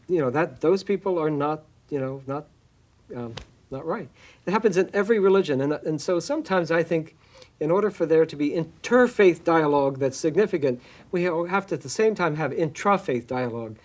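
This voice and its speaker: Halting man, higher-pitched voice. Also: animated, darkish tone. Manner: halting, frequent restarts and fillers. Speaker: church minister. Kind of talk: reflective interview answer.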